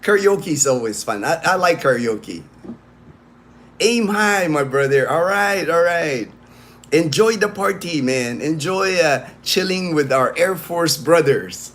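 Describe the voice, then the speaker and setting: A man's voice: fairly high pitch, animated, slow, fairly bright tone, slight background noise. Chatty man hosting a livestream. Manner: rambling, many fillers and restarts, greets viewers by name. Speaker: livestream host. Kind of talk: casual livestream chat.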